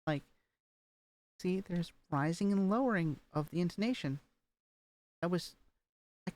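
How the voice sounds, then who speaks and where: A woman in a casual practice recording, reading exercise sentences and explaining rising intonation with many hesitant fillers. She speaks slowly, with a somewhat low voice. The sound is dry and close, picked up by a webcam mic at home. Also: expressive, a little mellow, no room sound. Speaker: voice training student. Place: home room, streaming as a vtuber. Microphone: webcam microphone.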